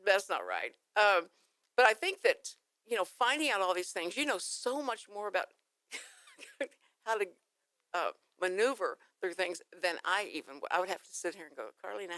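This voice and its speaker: A chatty woman hosting a radio talk show, her pitch swinging widely as she tells stories and laughs along with her guest. She often slips into playful accent impressions. The studio sound is dry and close. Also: lively intonation, moderate pace, a bit bright, no echo.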